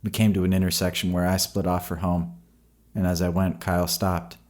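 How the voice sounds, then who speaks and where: A man narrating a horror story in a slow, measured storytelling voice. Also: low voice, flat delivery, a little mellow.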